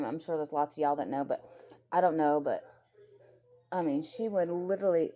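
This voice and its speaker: A woman's voice: sits low, warm tone. A woman ranting in heated, profane commentary, often repeating herself, talking about her own kids along the way. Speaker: commentary creator.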